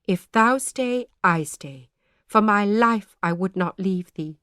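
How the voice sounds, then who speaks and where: A woman voicing a gentle, devout pastor's wife who speaks earnestly and imploringly. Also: medium pitch, expressive, takes it slowly, no echo, studio quality, voice pushed up. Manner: earnest, imploring, soft-spoken.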